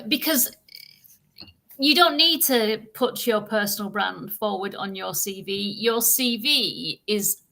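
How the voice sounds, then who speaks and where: A woman's voice: medium pitch, pushed and bright. A woman, a marketer co-hosting a live online show, explaining ideas in an upbeat, chatty way. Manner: upbeat, explanatory, repeats words when restarting. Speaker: co-host, marketer. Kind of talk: casual live-stream chat.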